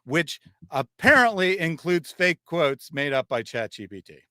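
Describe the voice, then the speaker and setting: A man's voice: on the high side, sing-song, a little slow, sharp tone, dry recording, clean studio sound. A man hosting a livestream, reading out chat comments and explaining in a conversational, thinking-aloud way. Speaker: channel host. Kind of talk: livestream discussion.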